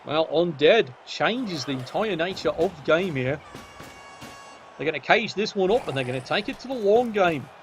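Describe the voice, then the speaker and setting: A man's voice: on the high side, animated, moderate pace, faint music behind. A man giving cheeky, sardonic commentary on a tabletop game match.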